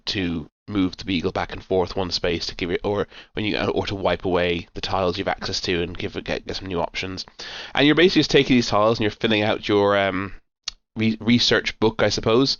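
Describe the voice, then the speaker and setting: A man's voice: sits low, brisk, a bit bright, no room sound, muffled recording. A man co-hosting a board game podcast, chatting casually and rambling with lots of fillers and restarts. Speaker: podcast co-host. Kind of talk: casual chat.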